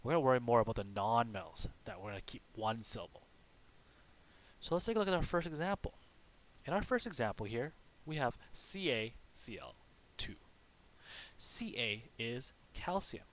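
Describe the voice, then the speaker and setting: A male teacher with a lively, swinging pitch walks through a lesson one step at a time. He poses his own questions and answers them, dropping in frequent "okay?" check-ins. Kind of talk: recorded classroom lesson.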